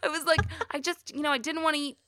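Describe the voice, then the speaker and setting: A woman's voice: sits high, quick pace. A woman in her thirties co-hosting a casual chat, telling stories with lots of laughter and acted-out quotes. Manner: animated storyteller, laughs often, acts out quotes. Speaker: podcast co-host.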